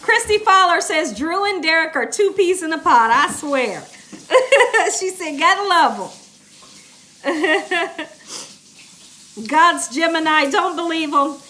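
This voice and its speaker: A woman's voice: very high voice, slow pace, long pauses, pushed and bright. A woman, chatting casually on a cooking livestream in her home kitchen, reading viewer comments aloud and laughing often. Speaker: cooking channel host.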